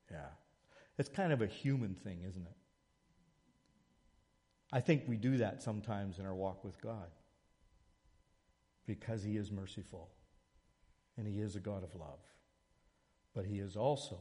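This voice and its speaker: A man preaching a sermon, moving between a soft prayer and a lively illustration. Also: on the low side, big-room sound. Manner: storytelling, shifts from soft prayer to lively anecdote. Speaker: pastor.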